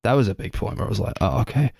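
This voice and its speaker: Brief: male podcast co-host, lowish voice, lively storyteller, dry close-mic sound. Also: racing, vocal fry, breathy edge, no room sound. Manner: animated, swears, acts out scenes. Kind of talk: casual film chat.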